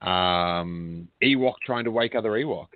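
A man's voice: lowish voice, unhurried. A man hosting a casual chat, joking and talking with many restarts. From Australia. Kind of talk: casual chat over a call. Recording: tinny call audio, dry.

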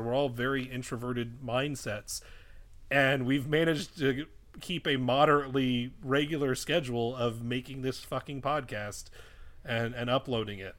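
Podcast dude rambling and cussing, mid-pitched, lots of false starts. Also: male voice, fairly bright tone. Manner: rambling, swears often, self-interrupting restarts. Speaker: podcast co-host and editor. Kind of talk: casual chat. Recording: raw podcast mic.

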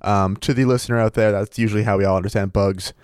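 A man's voice: fairly low pitch, fairly even intonation, fast talker, a little mellow, smooth, no room sound, clean studio sound. A man co-hosting a podcast, chatting casually and hesitantly, with many fillers. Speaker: podcast co-host. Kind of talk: casual chat.

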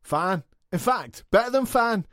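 An actor playing a dim, boastful male wrestling champion, delivered deadpan. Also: sits high, a little slow, no echo, clean studio sound. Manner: deadpan, proud and clueless. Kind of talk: scripted comedy podcast.

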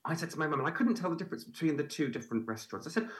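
A man tells food anecdotes as a podcast guest, his pitch swinging widely as he talks. He is chatty and warm in delivery, with frequent ums and restarts. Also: rapid-fire, hardly any pauses. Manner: chatty storyteller, lively, hesitant fillers. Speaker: guest, food festival presenter. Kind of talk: casual interview chat.

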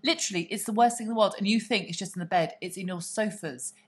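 A woman co-hosting a podcast in easy conversation. She talks in a gossipy, theatrical way and swears freely. Her pitch sits in the middle range. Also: quick pace. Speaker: podcast co-host. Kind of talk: casual chat.

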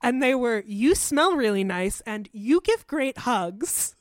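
A woman's voice: on the high side, takes it slowly, dry recording, studio quality. A young woman chatting casually and sharing fond stories about a friend. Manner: animated, chatty, laughs while talking. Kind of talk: casual chat.

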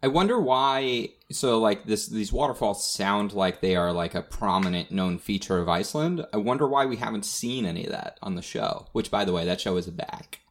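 A man's voice: fairly low pitch, animated, normal speed, few pauses. A man co-hosting a casual podcast, jumping in with questions. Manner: inquisitive, jumps in with questions. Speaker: podcast co-host. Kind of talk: casual chat.

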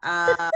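A woman co-hosting a podcast in casual chat, animated and jokey with mock-dramatic complaints. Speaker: podcast co-host.

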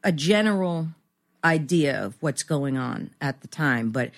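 A woman's voice: deep voice, expressive, unhurried. A middle-aged woman actor talking candidly as an interview guest, rambling and self-deprecating with many fillers.

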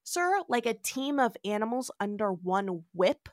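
A woman's voice: on the high side, big pitch swings, a little slow, dry recording, clean studio sound. A woman casually voicing a cool male officer who asks probing questions. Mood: dry.

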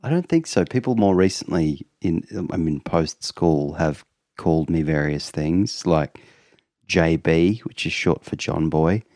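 A man's voice: a bass voice, expressive, unhurried, a little mellow, no room sound. A man co-hosting a podcast in casual chat, easygoing and dry, laughing along. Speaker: podcast co-host. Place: home room, remote call.

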